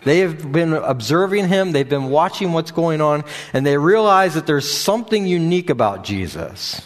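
A man's voice: fairly high pitch, lively intonation, normal speed. A man preaching a sermon in a loose, unscripted way, with frequent fillers and restarts. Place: church or meeting room with a screen behind him.

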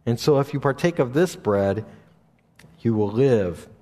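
A man preaching a sermon and reading scripture aloud, often restarting his sentences, and going higher in pitch when he stresses a point. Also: animated, dark tone. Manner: halting, with frequent restarts and fillers; rises in pitch for emphasis when paraphrasing. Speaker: pastor. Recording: long hall reverb.

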